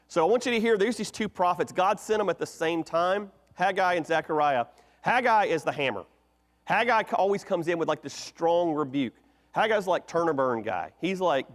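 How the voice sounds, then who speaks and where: A man preaches a sermon in a church sanctuary, his voice ringing with a long hall echo. He talks to the congregation in a loose, conversational way and fires off animated rhetorical questions. His voice sits a little high for a man. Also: moderate pace. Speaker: pastor. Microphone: microphone.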